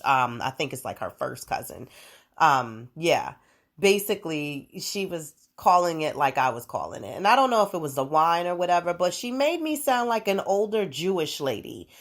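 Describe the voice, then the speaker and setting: A young adult woman hosting her own podcast, chatting casually in a rambling, profane way with frequent laughs. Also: low-pitched. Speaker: podcast host. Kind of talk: casual solo podcast chat.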